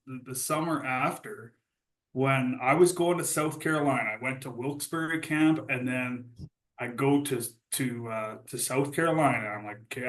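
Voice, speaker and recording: A man's voice: medium pitch, fairly bright tone, echoey room, poor audio. A man telling old hockey stories in casual podcast chat, laughing often and acting out quotes. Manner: laughing storyteller, acts out quotes. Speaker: podcast host.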